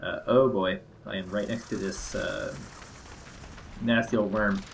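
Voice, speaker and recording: There's a little hiss or hum as a young gameplay commentator walks through his strategy game in a lowish voice. He keeps a measured pace and fairly even intonation, though his casual commentary rambles and hesitates with plenty of fillers.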